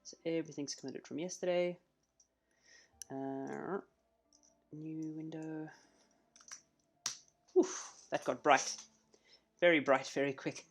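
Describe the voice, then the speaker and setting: A man streaming a live coding session, chatting casually and thinking out loud as he works. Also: on the high side, steady tone, takes it slowly, long pauses.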